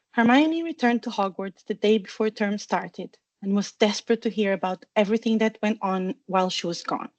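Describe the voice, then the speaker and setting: A woman narrating a fan fiction storybook with steady, even reading. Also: medium pitch, dry recording, muffled recording. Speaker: audiobook reader.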